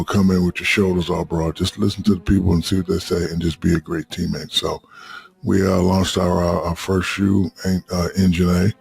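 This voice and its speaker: A man's voice: sits low, vocal fry, a little mellow. A middle-aged man telling loose, profane stories as a podcast guest in casual chat.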